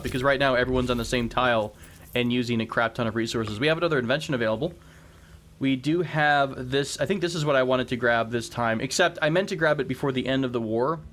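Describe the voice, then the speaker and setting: A man talks through his strategy game at a middling pitch, rambling and restarting as he thinks aloud. He records at home on a sensitive desk mic. A faint air conditioner hum runs behind him. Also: a bit bright. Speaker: gaming channel host. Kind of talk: let's play commentary. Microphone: sensitive desk microphone.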